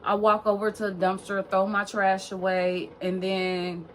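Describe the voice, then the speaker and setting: A woman's voice: mid-range voice, monotone, measured pace, a bit bright, slight background noise. A young woman vlogger telling a long personal story in a casual, rambling way, full of fillers and swearing.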